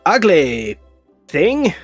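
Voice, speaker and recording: A man voicing a pompous heroic fey champion, British-accented, declaiming slowly and grandly. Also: high-pitched, huge pitch swings, husky, no echo, soft background music, full character voice. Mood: heroic threat. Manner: grandiose, slow theatrical declaiming.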